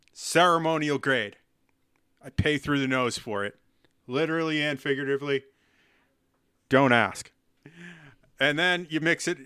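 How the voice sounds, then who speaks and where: A man's voice: a little high, pushed and bright, smooth, dry recording, studio quality. A man chatting on a live stream while playing chess, rambling and self-mocking and cracking silly jokes. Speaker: livestreamer.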